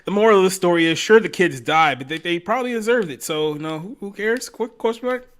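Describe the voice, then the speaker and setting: A man on a podcast panel who trades sarcastic, deadpan jokes in casual chat. His tone is bright and edgy, pitched a little high. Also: quick pace.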